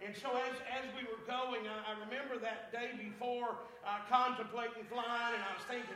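Man preacher, high bright voice, fervent storytelling sermon with congregation call-outs. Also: steady tone, brisk, few pauses.

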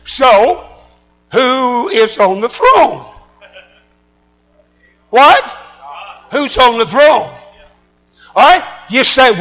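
A man preaching a sermon, shouting in call-and-response style. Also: very high voice, big pitch swings, extremely slow, pauses often, highs cut off, soft background music.

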